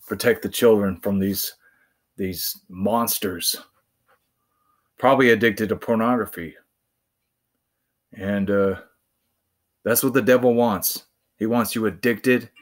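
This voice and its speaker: A man vlogging, preaching in a rambling monologue that halts and restarts often. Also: lowish voice. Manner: halting, full of fillers and restarts.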